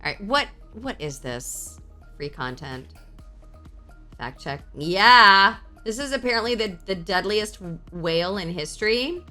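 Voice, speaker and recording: Woman streamer, casual and profane, bright tone, big pitch swings, slow delivery. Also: faint music behind. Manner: profane, excitable, reacts to chat aloud. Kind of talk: casual live-stream chat.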